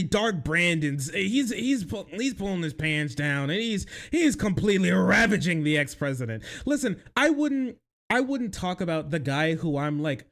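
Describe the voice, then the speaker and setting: A young man streaming his reaction to news clips, mocking them loudly and crudely with bursts of laughter. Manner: loud, mocking and crude, with frequent laughter and sudden high-pitched outbursts. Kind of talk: livestream reaction commentary.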